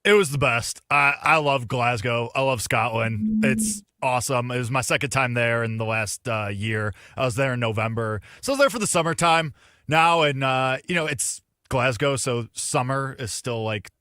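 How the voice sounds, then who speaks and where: A man from Chicago, co-host of a betting show, telling a story casually and excitedly. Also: mid-range voice, moderate pace, clean tone, no echo, clean studio sound. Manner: excitable, acts out quoted lines loudly.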